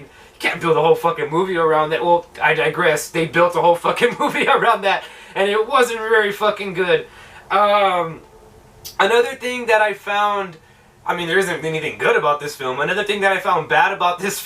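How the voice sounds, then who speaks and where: A man's voice: high-pitched, bright, forceful tone, recorded from a distance. A young man giving a rambling, profane and sarcastic film review. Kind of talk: casual film review rant.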